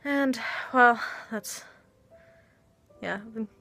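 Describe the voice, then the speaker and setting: A woman's voice: fairly high pitch, drawn-out words, pushed and bright, soft background music. A young woman talking hesitantly in a confessional vlog, with many restarts and sighs. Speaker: vlogger. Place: home.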